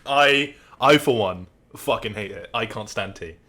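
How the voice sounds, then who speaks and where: A man's voice: fairly low pitch, animated, measured pace, bright, forceful tone. A young man from Southwest England, a podcast guest in casual chat, laughing often and swearing heavily.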